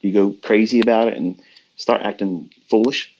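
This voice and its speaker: A man's voice: lowish voice, steady tone, moderate pace, a little mellow. A middle-aged man mentoring traders in a blunt, profane, heated rant, heard over dull lo-fi online audio. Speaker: trading mentor. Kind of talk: ranting motivational talk.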